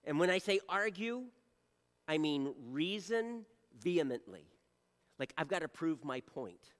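A man preaching a sermon to his church. He shifts from loud appeals to soft, hushed lines. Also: a little high, sing-song, measured pace, big-room sound. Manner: earnest preaching, swings from loud appeals to soft near-whispers. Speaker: pastor.

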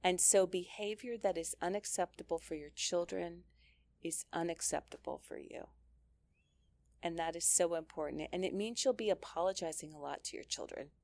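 A woman's voice: lowish voice, moderate pace, creaky, darkish tone, dry recording. A middle-aged woman giving an earnest, conversational Christian teaching talk, laughing lightly and often restarting her sentences. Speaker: speaker teaching mothers.

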